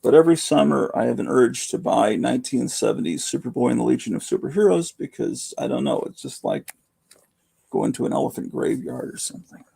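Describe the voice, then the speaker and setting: A hoarse man in his fifties hosting a rambling, casual late-night livestream from home, keeping his voice down. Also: mid-range voice, sing-song, fairly quick, warm tone. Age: 50s. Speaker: livestream host.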